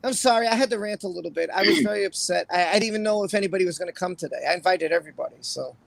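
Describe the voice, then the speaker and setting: High, gravelly-voiced man reading chat. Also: very fast, no echo, low-quality recording. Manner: emotional, apologetic, reads chat names aloud. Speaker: livestream host. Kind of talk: casual livestream chat.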